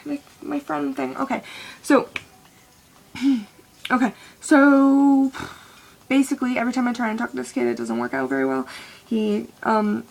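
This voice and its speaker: A young woman vents in a loose, rambling way, swearing freely and restarting her sentences. Her voice sits somewhat high but has a gravelly, creaky edge. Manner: rambling and profane, with many restarts. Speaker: vlogger. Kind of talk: casual venting monologue.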